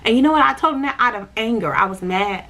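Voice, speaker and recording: A woman's voice: on the high side, lively intonation, fast talker, sharp tone. A woman vlogger telling her personal spiritual testimony in a conversational way. She speaks emphatically, repeats her points and talks straight to her viewers. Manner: emphatic, repetitive, conversational storytelling; addresses viewers directly.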